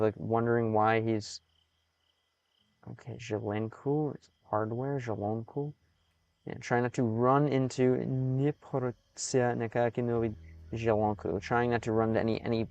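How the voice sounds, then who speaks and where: An American man streaming live in casual commentary, halting and repeating words as he slowly sounds out foreign phrases. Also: medium pitch, steady tone, gravelly, darkish tone, no room sound. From United States.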